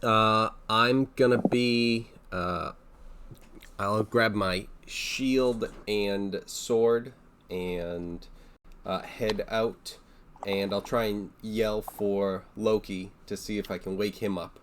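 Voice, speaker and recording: Low-voiced male player, relaxed and easygoing, with typing noise clearly heard in the background. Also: slow pace. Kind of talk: casual chat in a tabletop game.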